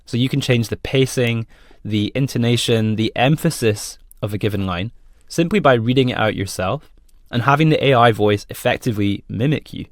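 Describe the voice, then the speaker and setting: A man presenting a software demo in a friendly, plain explanatory tone. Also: mid-range voice, normal speed, no echo, studio quality. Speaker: product presenter.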